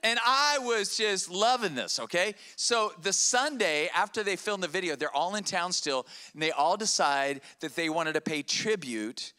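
A middle-aged man preaches from a church stage in a lively storytelling sermon. His voice sits high and sounds bright and smooth. He restarts phrases and keeps checking in with the congregation. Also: normal speed, hardly any pauses. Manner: animated, repeats words and checks in with "all right?". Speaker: pastor.

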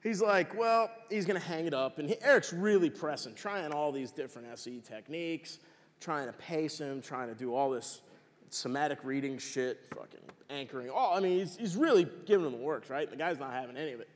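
A man giving a conference talk as casual, profane storytelling, animated and swearing freely. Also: fairly high pitch, brisk. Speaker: conference speaker. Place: large conference hall. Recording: long hall reverb.

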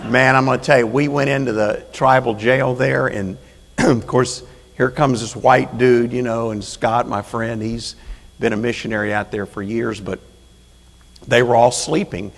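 A gravelly-voiced man preaches a sermon in a church, folksy and conversational, then rising into fervent, emphatic calls to the congregation. His voice carries a long hall reverb around it. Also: medium pitch, steady tone, unhurried. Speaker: prison chaplain preaching. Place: church sanctuary.

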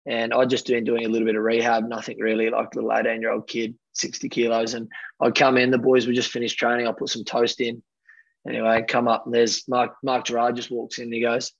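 Guesting on a show, an Australian rugby pro in his thirties rambles animatedly through casual stories, packing in fillers and performing the quotes. He talks fast in a creaky, mid-range voice, and the recording is muffled with no room sound.

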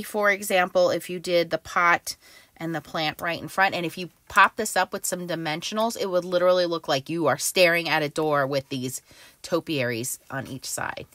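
A woman's voice: fairly low pitch, moderate pace, sharp tone, no echo. A middle-aged woman casually demonstrating new stamp sets, chatty and enthusiastic, with fillers. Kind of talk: casual craft product demo.

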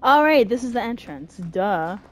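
A young woman hosting a horror game let's play, swearing constantly and shouting at enemies in panic. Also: fairly high pitch, animated, a little slow. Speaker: gaming channel host.

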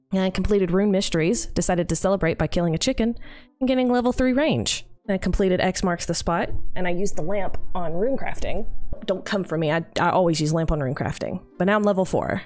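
A woman's voice: on the low side, darkish tone. A woman hosting a gaming video, talking through her play in a chatty, self-mocking way. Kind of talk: casual gameplay commentary.

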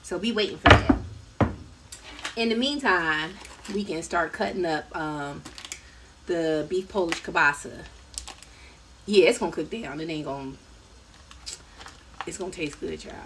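A woman's voice: fairly low pitch, unhurried, long pauses. A woman hosting a casual cooking live stream from her home kitchen, chatting and laughing with her viewers as she cooks. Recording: live-stream audio from a distance, noisy.

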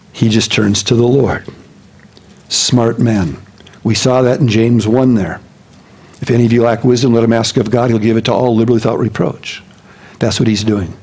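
A man, a senior pastor, preaching a sermon and acting out the voices of the people he talks about, dropping low and quiet for prayers. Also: husky.

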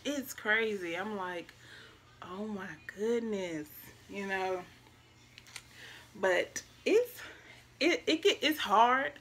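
A young woman shares a personal story on her vlog, her voice bright and clear. She speaks softly and reflectively, addressing her viewers directly in a casual way. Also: medium pitch, animated, slow, long pauses, slight background noise. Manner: soft-spoken, reflective, talks straight to viewers. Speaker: vlogger.

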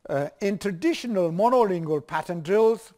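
A man's voice: sits high, lively intonation, normal speed, darkish tone. Older man lecturing with a German accent. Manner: hesitant, many restarts and fillers, switches into German examples. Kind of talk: university lecture.

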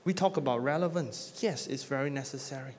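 A male pastor delivering a sermon, building emphatic lists and then dropping to a hushed close at the end of each point. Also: medium pitch, brisk, slight background noise. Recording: long reverb of a church hall.

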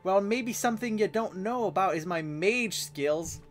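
A man's voice: high voice, lively intonation, normal speed, faint music behind, pitched above the performer's own voice. A man voicing a surly, hot-tempered young male thug while reading game dialogue aloud. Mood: snarling. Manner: snarling, impatient, threatening.

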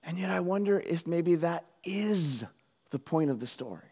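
Animated man preaching a lively sermon. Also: fairly high pitch, normal speed, vocal fry. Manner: animated, jokey, acts out quoted voices. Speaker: pastor.

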